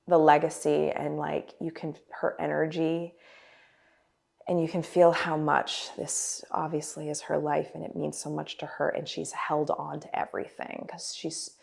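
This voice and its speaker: A woman's voice: low-pitched, little pitch movement, measured pace, gravelly. A woman in her forties, a guest performer, chatting animatedly in an interview with many fillers and restarts. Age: 40s. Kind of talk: casual interview storytelling.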